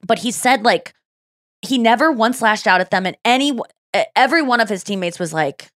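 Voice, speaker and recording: A woman's voice: mid-range voice, normal speed. A woman hosting a podcast, chatting casually in a mid-range voice. She tells stories with energy and slips into little acted voices when she quotes people. The sound is close and dry, with no room echo. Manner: animated storytelling, quoting others in acted voices. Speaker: podcast host. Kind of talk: casual chat.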